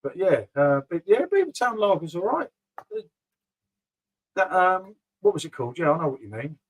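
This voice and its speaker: A middle-aged man talks loosely and chattily, drifting from topic to topic. His voice sits a little higher than most men's, and he keeps calling his listeners mate. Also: big pitch swings, normal speed, husky, low-quality recording. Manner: rambling, chatty, calls viewers mate. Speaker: beer vlogger reading live chat. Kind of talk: casual live-stream chat.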